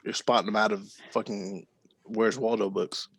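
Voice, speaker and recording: Gravelly, dry-voiced male podcast host. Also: lowish voice, little pitch movement, a bit bright, no room sound. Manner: rambling storyteller, quick to laugh. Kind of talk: casual podcast chat.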